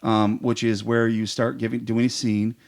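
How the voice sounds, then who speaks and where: A man's voice: lowish voice, little pitch movement, moderate pace, vocal fry, darkish tone. A man chatting casually on a podcast as a guest improv performer, telling eager, rambling stories full of fillers.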